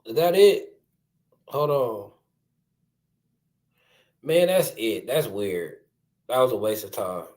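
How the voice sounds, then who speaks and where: A man's voice: fairly low pitch, animated, slow pace, long pauses, darkish tone. A man hosting a live reaction video, reading news aloud in casual slang. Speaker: reaction channel host.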